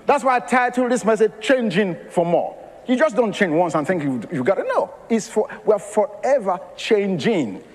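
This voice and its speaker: A man's voice: sits high, expressive, moderate pace, long reverb tail. A man preaching a sermon as pastor, mixing scripture with storytelling and laughter.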